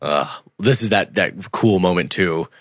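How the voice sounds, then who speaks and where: A man's voice: low voice, measured pace, no room sound, studio quality. A man co-hosting a podcast, riffing playfully and sarcastically on a movie, often laughing. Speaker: podcast co-host. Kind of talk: casual movie commentary chat.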